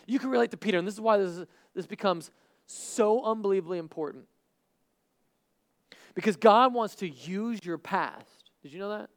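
Man, pastor preaching, lively up-and-down pitch, slightly high voice, acts out story voices. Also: fairly quick. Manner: swings from loud excited to hushed earnest; talks to a live congregation, asks them questions. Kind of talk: sermon.

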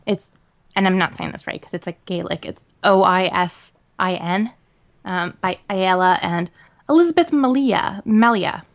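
A woman co-hosting a podcast in casual chat, talking in an animated, rambling way with lots of fillers and laughter. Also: lowish voice, normal speed. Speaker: podcast co-host.

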